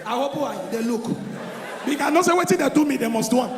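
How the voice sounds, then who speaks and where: A man with a Nigerian accent doing live stand-up comedy, telling stories loudly and with energy in Pidgin. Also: very high-pitched, quick pace. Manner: loud, animated storytelling in Pidgin. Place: large venue stage before an audience. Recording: echoey hall with crowd noise.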